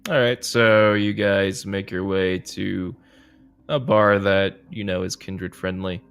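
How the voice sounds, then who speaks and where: A man's voice: sits low, fairly even intonation, slow, vocal fry, fairly bright tone, clear, resonant tone. A man narrating as storyteller of a tabletop role-playing game, in a laid-back, rambling way.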